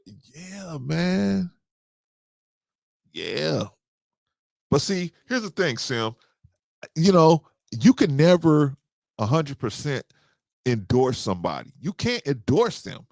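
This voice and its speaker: Give me an animated male host with a lively voice who acts out conversations and answers his chat. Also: medium pitch, gravelly, no room sound, clean studio sound. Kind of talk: casual storytelling and live chat commentary.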